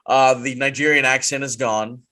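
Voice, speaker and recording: In a laid-back conversation on the wrestling podcast he co-hosts, this man talks with lively energy and a medium-pitched voice, quickly doubling back on his own words as he gets excited.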